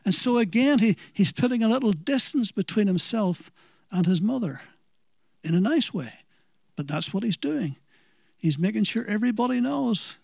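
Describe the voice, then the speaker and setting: A man's voice: high voice, expressive, normal speed, creaky, darkish tone, no echo, clean studio sound. A man with a Northern Irish accent preaching a sermon, telling it as an earnest story and asking the listeners questions.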